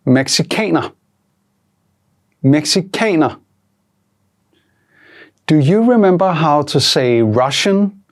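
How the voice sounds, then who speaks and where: A language teacher running a vocabulary drill at an unhurried, careful pace. Each word is spoken clearly and then repeated for the learner, in a mid-range voice that is neither high nor low. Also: expressive. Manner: slow, deliberate, repeats each Danish word twice.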